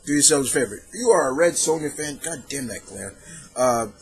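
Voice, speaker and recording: With faint music playing behind him, a young man reviews comic books solo in a brisk, mid-range voice. His talk is loose and lively, wandering off and fixing his own words along the way.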